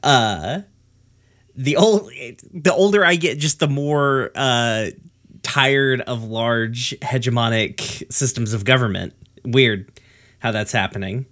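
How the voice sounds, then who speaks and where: A man in a loose podcast chat, venting his frustrations in a steady, mid-pitched voice. He swears constantly and rants his way through long, winding runs of thought. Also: slow. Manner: profane, ranting.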